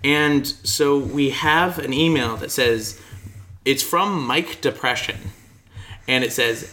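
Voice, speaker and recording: A man's voice: mid-range voice, bright, forceful tone. A young American man from Denver co-hosting a casual podcast, joking and playful. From Denver, United States. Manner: joking, playful and quick with puns. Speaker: podcast co-host. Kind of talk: casual chat.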